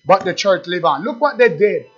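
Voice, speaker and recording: A man preaching a sermon, emphatic, stretching words slowly to stress the scripture. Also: high-pitched, animated. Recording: dull lo-fi recording.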